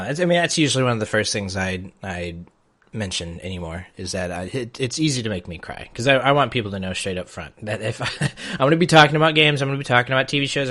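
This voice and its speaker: A man co-hosting a podcast, telling a self-deprecating personal story in an animated way. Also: mid-range voice. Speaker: podcast co-host. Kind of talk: casual podcast discussion.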